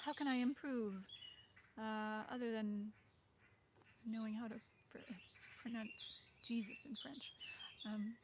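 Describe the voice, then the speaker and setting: A woman's voice: a little high, steady tone, slow, background noise. A woman chatting on her livestream, hesitant and rambling, with lots of fillers and small laughs. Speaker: livestream host. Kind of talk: casual livestream chat. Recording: birdsong in the background. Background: birdsong.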